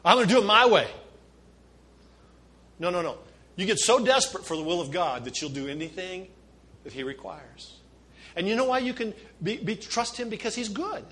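A middle-aged man preaching a sermon as pastor, impassioned, with sudden shifts between soft asides and loud emphasis. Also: high voice, sing-song, fairly quick.

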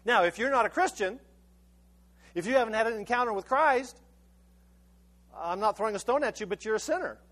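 A man with a high voice preaches to his congregation in a loose, conversational way. He tells his story in halting bursts, repeating and restarting words as he goes, and he gives his sermon with an easy storyteller's flow. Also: animated, fairly bright tone. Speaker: pastor.

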